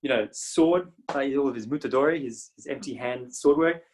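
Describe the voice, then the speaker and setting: A man's voice: mid-range voice, normal speed, a little hiss or hum. A man in his forties teaching martial arts philosophy in a loose, rambling way, laughing often and trailing off mid-sentence. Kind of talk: informal teaching talk.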